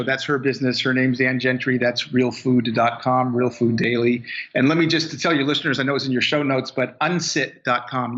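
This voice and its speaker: A man guesting on a podcast, rambling and salesy as he reads testimonials and talks up his product. His voice sits at a middle pitch for a man. The sound is dull and lo-fi, like a remote line. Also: a bit bright. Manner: rambling, many fillers and restarts, salesy. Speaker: guest, inventor and business owner. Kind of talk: casual interview talk.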